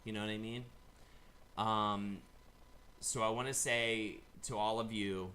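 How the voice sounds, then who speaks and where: Bright-voiced man rambling profanely. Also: on the low side, steady tone, slow, long pauses. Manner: profane, rambling, shifts into loud bits. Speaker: host. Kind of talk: casual live-stream chat.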